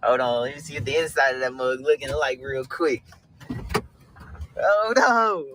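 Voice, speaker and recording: A young man filming a vlog about buying his new truck, hyped and slangy, shouting with joy, at a dealership and inside the truck on a phone camera. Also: medium pitch, normal speed, noisy background. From Michigan. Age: young adult. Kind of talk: excited vlog clip. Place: truck dealership lot, outdoors and in a truck.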